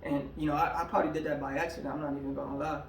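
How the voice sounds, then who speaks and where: A man's voice: fairly high pitch, flat delivery, very fast, slight background noise. A male rapper casually breaking down his own lyrics in a slangy, laid-back way, full of filler words. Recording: echoey room, a bit far from the mic.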